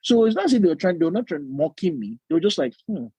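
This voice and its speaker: A young man with a Nigerian accent, co-hosting a podcast in casual chat, animated and often acting out other voices with laughter. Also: high voice, very fast, slightly rough, no echo. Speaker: podcast co-host.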